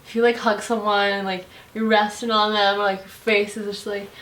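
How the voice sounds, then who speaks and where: A woman's voice: mid-range voice, little pitch movement, normal speed, fairly bright tone. Chatty young woman reviewing makeup. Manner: chatty and bubbly, heavy use of "like". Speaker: beauty vlogger. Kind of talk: casual makeup favorites review.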